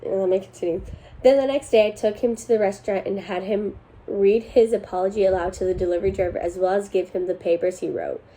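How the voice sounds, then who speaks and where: A young woman hosts a casual chat and reads forum posts aloud with a mellow, unhurried warmth. She laughs easily between lines and keeps her pitch in an ordinary middle range. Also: steady tone, low-quality recording. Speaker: host reading online posts.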